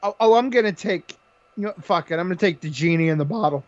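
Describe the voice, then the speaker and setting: A man's voice: high-pitched, lo-fi sound. A man co-hosting a casual podcast, joking and laughing while he runs through fight picks. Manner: joking, laughs often, quick banter. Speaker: podcast co-host.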